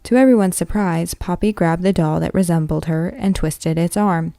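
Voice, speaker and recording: Lady reading chapters aloud, plain and steady, low-ish voice, dry close sound. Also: normal speed, no room sound. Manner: plain, with slips and self-corrections. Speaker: reader.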